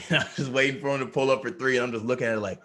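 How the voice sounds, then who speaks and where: A man's voice: medium pitch, a bit bright. A young man co-hosting a casual sports podcast, joking in a laid-back, profane way. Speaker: podcast co-host.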